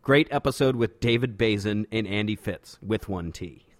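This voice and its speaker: A man hosting a podcast in casual chat, reading listener emails in a relaxed, filler-heavy way, often saying "man.". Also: fairly low pitch, normal speed, no echo. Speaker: podcast host. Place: home studio in a backyard.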